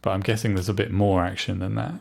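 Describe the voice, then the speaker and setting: Joking low-voiced podcast co-host man. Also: steady tone, quick pace, creaky, darkish tone. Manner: joking, playful asides. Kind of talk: casual chat about retro games.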